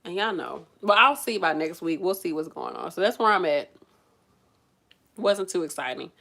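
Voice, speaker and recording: A woman vlogging casually to her viewers as a nursing student, venting in an animated way and calling them y'all. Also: on the low side, normal speed, vocal fry. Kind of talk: casual chat to camera.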